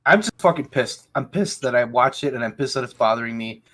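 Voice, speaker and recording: A man's voice: mid-range voice, lively intonation, fairly quick, fairly bright tone. A man hosting a casual podcast chat, ranting angrily and swearing heavily. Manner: angry ranting, heavy swearing. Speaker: podcast host.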